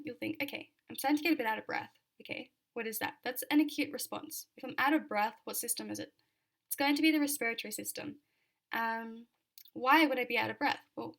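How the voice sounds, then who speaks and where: A woman's voice: fairly high pitch, a bit bright. A young Australian woman giving a chatty exam revision lecture, full of fillers and repeated key points.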